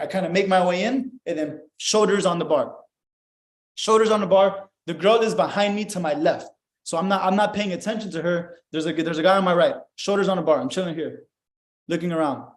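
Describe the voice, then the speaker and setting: Animated, profane young man in an echoey room. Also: high-pitched. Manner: animated, profane, acts out dialogue. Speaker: podcast guest. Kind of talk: casual storytelling chat.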